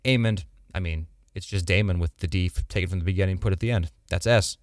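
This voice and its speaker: A man's voice: low voice, fast talker, no echo, clean studio sound. A young man co-hosting a podcast, chatting casually and jokingly, full of slang and fillers. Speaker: podcast co-host. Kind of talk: casual chat.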